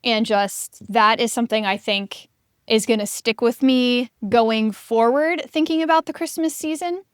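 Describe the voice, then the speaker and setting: On a casual book podcast, a woman co-host talks things through in a chatty, reflective way. Her smooth, clear voice sits slightly high and moves at an unhurried pace. The recording is dry and close, with no sense of a room around it.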